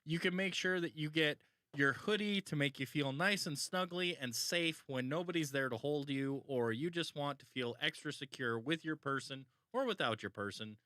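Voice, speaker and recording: A man's voice: fairly high pitch, moderate pace, hardly any pauses, bright, forceful tone, clean tone, dry recording, clean studio sound. A man co-hosting a podcast, joking around and plugging merchandise in a playful salesy way. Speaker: podcast co-host. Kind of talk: casual chat and merch plug.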